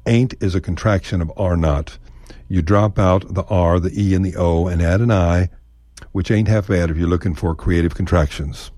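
Low mellow texan guy, folksy radio storyteller, dry close mic. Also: steady tone, moderate pace, dry recording. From Texas. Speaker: storyteller host.

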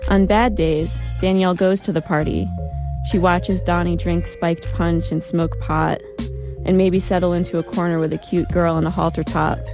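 A woman tells a first-person story in an even, reflective voice that sits a little low. Soft music plays faintly underneath her narration.

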